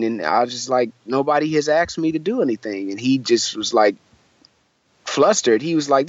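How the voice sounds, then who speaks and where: A man's voice: mid-range voice, animated, a little fast, dry recording, muffled recording. A young man from Michigan, a musician guest, telling a story in a casual interview, acting out the voices of the people in it and using lots of fillers. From Michigan, USA.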